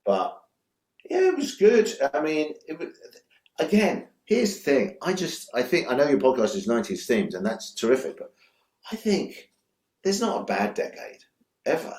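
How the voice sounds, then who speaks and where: A man's voice: fairly high pitch, big pitch swings, moderate pace, darkish tone, echoey room. A man, a guest director telling rambling, enthusiastic stories in a casual interview, swearing freely. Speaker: guest, music video director.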